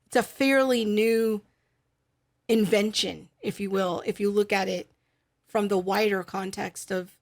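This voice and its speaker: A woman's voice: mid-range voice, fairly even intonation, measured pace, vocal fry. Thoughtful middle-aged woman co-host. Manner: thoughtful, explanatory, with frequent fillers. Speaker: podcast co-host. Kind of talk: casual faith podcast chat.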